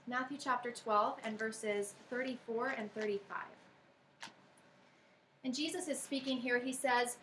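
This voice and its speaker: A woman's voice: fairly high pitch, fairly bright tone, slight background noise, rough recording. A woman with an American accent giving an earnest devotional talk, telling a story and reading scripture aloud. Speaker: speaker giving a worship talk.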